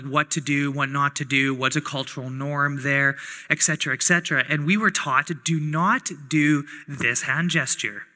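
A man's voice: on the high side, bright, forceful tone, in a large hall. A young adult man from Canada, a pastor giving a conversational sermon, telling a personal story and acting out the voices of others.

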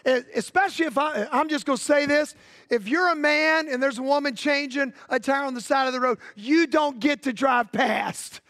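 A man with a Southern US accent, a pastor preaching a sermon in folksy, emphatic storytelling that drops to a hush for drama. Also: very high voice, normal speed, no echo, clean studio sound. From Southern United States. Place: church sanctuary.

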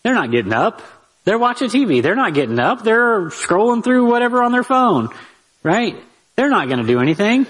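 A man teaching a conversational Bible lesson on parenting, lively and talking straight to his listeners with rhetorical asides. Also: sits high, moderate pace, husky, poor audio.

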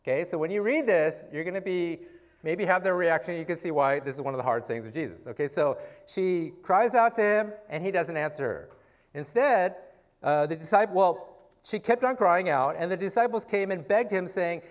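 Man, high-pitched voice, informal sermon, conversational teaching, rhetorical questions. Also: moderate pace. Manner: informal, frequent "okay" and "right?" check-ins, rhetorical questions. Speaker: preacher.

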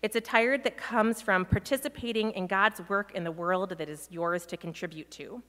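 A woman's voice: mid-range voice, moderate pace, a bit bright. Woman preaching in a reverberant hall. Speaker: pastor. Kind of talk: sermon. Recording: long reverb of a large hall.

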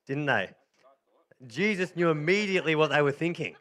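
A man's voice: sits high, sing-song, very slow, long pauses, bright, forceful tone. A man preaching a sermon, jokey and chatty, cheerfully directing volunteers through a story. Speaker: pastor. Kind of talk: sermon with playful reenactment.

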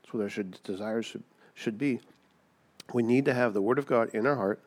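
A man's voice: medium pitch, brisk. A man preaching a sermon in a conversational way, often asking rhetorical questions. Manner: conversational, asks rhetorical questions, acts out voices.

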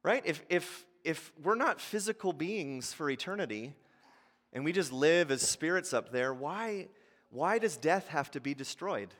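Male pastor, sermon, conversational then impassioned, bright tone, long hall echo. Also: lively intonation, a little slow. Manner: passionate, rising to near shouts at high points; conversational, with frequent "right?" and "like".

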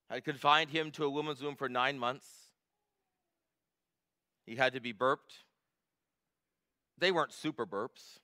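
Bright-voiced male pastor preaching a sermon. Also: mid-range voice. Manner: builds from quiet to emphatic. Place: church.

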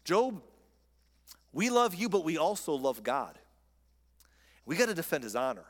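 A preacher in a reverberant hall voicing an earnest, well-meaning male friend who gently corrects a grieving man, in a pleading, reasonable tone. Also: a little high, sing-song, measured pace. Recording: long reverb of a large hall.

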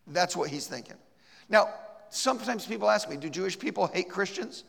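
Lively high-voiced man with gravelly edge. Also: brisk. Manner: animated, acts out scenes. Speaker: teacher. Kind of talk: church teaching with a live role-play. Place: church hall. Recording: reverberant hall.

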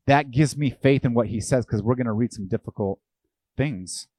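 A man's voice: mid-range voice, moderate pace, a little mellow, no echo. A man preaching a sermon as pastor. He asks his listeners questions and acts out the voices of the people he quotes.

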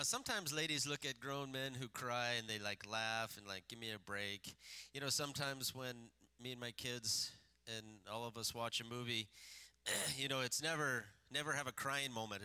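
Guy preaching a sermon, really bright cutting voice, throws questions at the crowd. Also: mid-range voice, smooth. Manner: preaching with rising emphasis and rhetorical questions; conversational asides to the congregation. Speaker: pastor.

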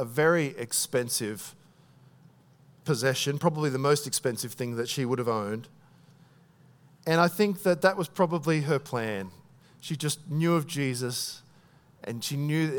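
In a sermon, a man retells a story, voicing characters' thoughts with energy and going quiet at the moving moments. His pitch sits in the middle range.

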